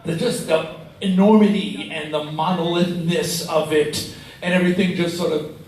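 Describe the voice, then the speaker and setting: A man in his sixties telling stories on stage as a guest, animated and swearing freely, laughing as he talks. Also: a little high, moderate pace. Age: 60s. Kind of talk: profane live storytelling. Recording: echoey, distant live-room sound with faint noise.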